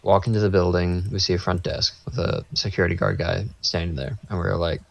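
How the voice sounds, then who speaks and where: A man's voice: sits low, steady tone, brisk, creaky, hardly any pauses. A man co-hosting a podcast, telling a rambling anecdote in casual chat and acting out what people said. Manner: rambling anecdote, acts out quotes. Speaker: podcast co-host. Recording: dull lo-fi sound.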